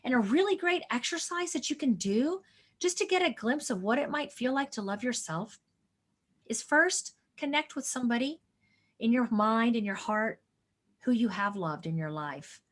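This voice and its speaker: A woman in her forties with a high voice, speaking as a doctor guest in an interview. She talks earnestly and with deep feeling. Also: expressive, moderate pace. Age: 40s. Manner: emotional, earnest storytelling. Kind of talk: conversational interview.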